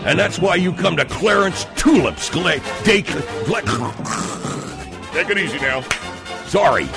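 A man doing mock football commentary in a folksy, rambling way, trailing off mid-sentence, with music playing clearly behind. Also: high voice. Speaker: sports commentator.

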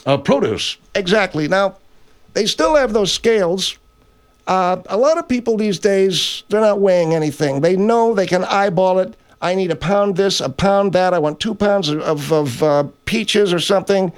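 Brief: man playing a blustery, rambling grocery magnate on his own radio show, higher-pitched voice, improv comedy. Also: lightly acted. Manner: blustery, rambling, self-correcting. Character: brash older male grocery chain owner hosting a radio show. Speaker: radio host character.

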